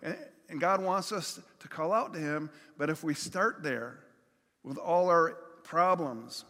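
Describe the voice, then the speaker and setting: A man's voice: on the high side, unhurried, sharp tone. A man preaching a conversational sermon, with everyday examples and acted-out pleas. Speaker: pastor. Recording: long hall reverb.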